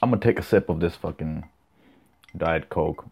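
A young man with a very deep, low voice hosts a casual solo podcast. He rambles loosely, swears freely and jumps from one thought to the next as he reacts to clips. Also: normal speed, vocal fry, a little mellow, slightly rough. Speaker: podcast host.

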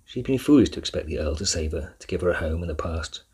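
Male audiobook narrator, deep voice, husky, measured storybook reading. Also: lively intonation, darkish tone.

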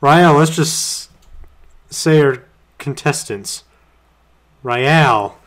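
A young man reading fan fiction aloud on a comedy podcast, halting and giggling as he goes. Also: on the high side, a bit bright. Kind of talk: mock-dramatic reading with laughter.

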